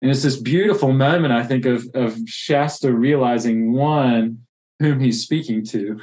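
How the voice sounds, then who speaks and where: A man's voice: medium pitch, measured pace, a little mellow. A man who plants churches reads from a classic novel and reflects earnestly on faith. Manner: earnest, reflective, with many restarts.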